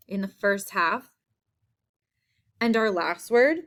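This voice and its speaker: A woman teacher giving a recorded spelling lesson, saying each word several times in a clear, patient way. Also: mid-range voice, steady tone, slow pace, fairly bright tone. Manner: clear, patient classroom delivery.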